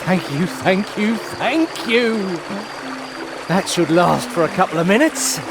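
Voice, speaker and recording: High-voiced twitchy night guard in a game, slow and draggy but all over the place. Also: very animated, over loud music, over a noisy crowd, exaggerated voice, rough recording. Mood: jittery. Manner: jittery, theatrical swings between sleepy and fired up. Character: drowsy, excitable night watchman guarding a cannon. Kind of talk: video game voice acting.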